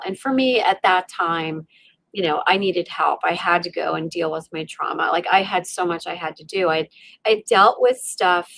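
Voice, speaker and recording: A middle-aged woman speaks as an interview guest, telling a personal story in a lively, conversational way. She keeps reaching for "you know" and "like" and slips into her own inner voice as she tells it. Her voice sits at an ordinary pitch and is recorded close and dry. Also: no echo. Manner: many fillers and restarts like "you know" and "like". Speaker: podcast guest.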